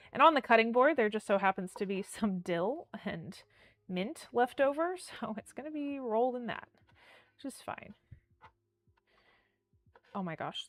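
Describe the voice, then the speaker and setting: A woman hosting a casual cooking livestream, bubbly and excitable as she talks to her chat from her kitchen. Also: on the high side, moderate pace, long pauses, no room sound. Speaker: livestream host. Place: home kitchen.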